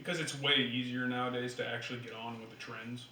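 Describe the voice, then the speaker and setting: Young male co-host, bright forward tone, blunt and slangy; echoey room, far mic. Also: mid-range voice, flat delivery, a little fast. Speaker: podcast co-host. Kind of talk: casual chat.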